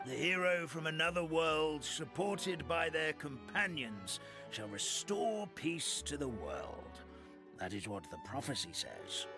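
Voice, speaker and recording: A chubby old paper hamster elder in a video game, speaking in a posh, courtly way. His pitch rises and falls in wide swings. Game music plays clearly underneath. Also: sing-song, slow, exaggerated voice. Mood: solemn. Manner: posh, old-fashioned, polite.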